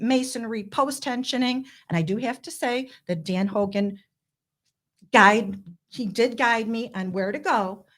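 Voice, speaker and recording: A woman's voice: on the high side, fairly bright tone. Fiery, emotional middle-aged woman. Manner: impassioned, blunt, rapid asides. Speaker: guest. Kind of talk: emotional interview storytelling.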